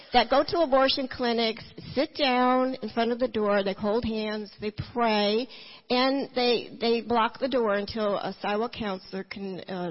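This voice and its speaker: A woman tells her personal story of faith to a church gathering, earnest and full of restarts. Her voice sits a little high and sounds husky. The recording is dull and muffled. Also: in a large hall. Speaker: testimony speaker.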